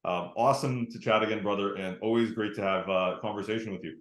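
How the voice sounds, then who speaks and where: Male show host, warm and enthusiastic, roomy echo on the voice. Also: lowish voice, quick pace. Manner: enthusiastic, friendly. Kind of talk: casual interview chat.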